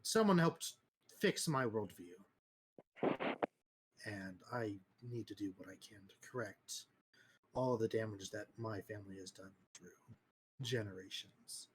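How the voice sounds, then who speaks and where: A man plays his character in a tabletop game, speaking in a low, earnest way. There is a faint hiss of noise behind his voice. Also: animated, a little slow, long pauses. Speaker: player.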